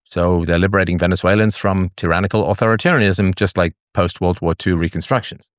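A man's voice: low voice, fast, clean tone, dry recording, studio quality. A man hosting a live call-in show, blunt with crude asides, swinging his voice up and down as he talks. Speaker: host.

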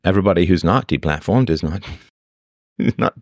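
Deep-voiced sarcastic man. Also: lively intonation, normal speed, a bit bright, dry recording, studio quality. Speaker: livestream host. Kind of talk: opinionated monologue to a live chat.

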